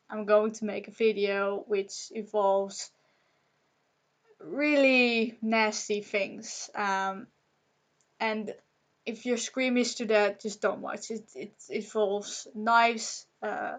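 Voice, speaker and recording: A young woman whose first language is Dutch, talking on a personal vlog in a halting, emotional way, with nervous laughs and many fillers. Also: mid-range voice. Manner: angry and shaken. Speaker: vlogger.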